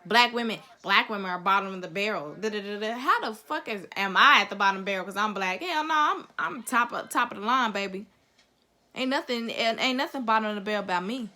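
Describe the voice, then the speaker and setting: A woman's voice: fairly high pitch, animated, a little fast, sharp tone. A young woman vlogger giving a heated, profane opinion rant straight to camera, blunt and emphatic.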